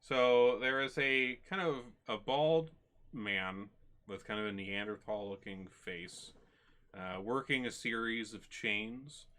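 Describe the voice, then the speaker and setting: A man narrating a tabletop game as game master, in a halting way with many ums and restarts. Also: mid-range voice, a bit bright.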